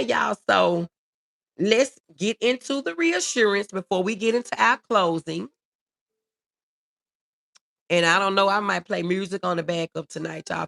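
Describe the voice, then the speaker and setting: A woman's voice: fairly low pitch, vocal fry. A middle-aged woman, hosting a casual livestream, reading viewer comments and talking with feeling. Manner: warm, reads viewer comments aloud, emotional. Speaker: livestream host.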